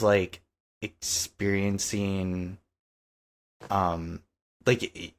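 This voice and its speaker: Deep-voiced guy chatting slowly on a gaming podcast, kinda hesitant. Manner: hesitant, many fillers. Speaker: podcast co-host. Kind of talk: casual chat.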